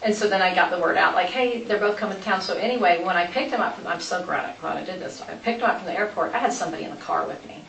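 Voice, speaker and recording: A woman's voice: fairly low pitch, quick pace, few pauses, a bit bright. A woman recounting events to police, chatty and rambling, often switching course mid-story. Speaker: interviewee. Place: interview room. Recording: echoey room, distant mic, light noise.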